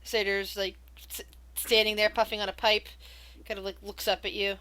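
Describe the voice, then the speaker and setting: A woman's voice: medium pitch, level tone, normal speed, bright, forceful tone. A woman narrating a tabletop game as game master, casual and laughing often.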